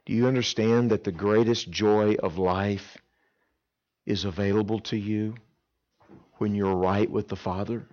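A man preaching a sermon at a camp, telling stories with dramatic swings between loud emphasis and hushed pleas. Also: lowish voice, fairly even intonation, unhurried. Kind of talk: sermon with storytelling. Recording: dull lo-fi sound.

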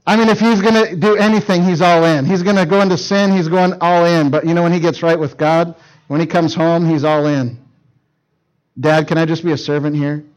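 Middle-aged male youth preacher, high-pitched, animated storyteller. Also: a little fast, poor audio. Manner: animated storytelling, acting out quoted lines. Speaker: youth pastor. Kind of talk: sermon.

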